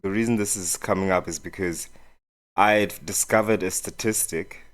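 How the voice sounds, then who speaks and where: South african guy, really low voice, slow careful podcast talk with lots of ums. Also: steady tone, fairly bright tone. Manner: measured, hesitant, reads out search results. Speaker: podcast co-host. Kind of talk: casual discussion.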